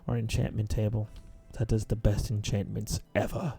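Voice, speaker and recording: A man's voice: fairly low pitch, little pitch movement, normal speed, gravelly, dark tone, husky. A man rambling philosophically in casual chat while playing a video game, full of "like" fillers. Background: faint game music.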